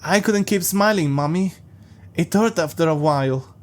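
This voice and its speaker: A man voicing a deranged teenage boy killer who talks in a high, sing-song, childish glee. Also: normal speed, natural voice. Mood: giddy unhinged.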